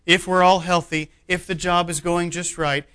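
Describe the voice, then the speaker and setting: A man preaching a sermon as pastor, emphatic, swinging between loud declarations and hushed asides. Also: high voice, level tone, moderate pace, smooth.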